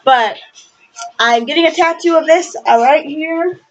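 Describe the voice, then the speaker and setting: Young woman, book vlog, passionate, rambling, fillers, fairly high voice, muffled lo-fi recording. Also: unhurried. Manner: gushing, rambling, lots of fillers; passionate, swears casually. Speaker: book reviewer. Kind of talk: casual book review vlog. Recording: lo-fi webcam audio.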